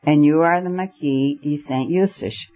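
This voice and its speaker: Reckless young gentleman, tipsy, mock-earnest, fairly high voice, dull lo-fi sound, read by a man. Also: measured pace, lightly acted. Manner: mock-earnest, then low and urgent. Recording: dull lo-fi recording.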